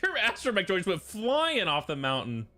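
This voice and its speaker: A man streaming a video game, chatting casually, excitable and exclamatory, swearing often. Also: sits high, moderate pace. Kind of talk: casual gameplay chat.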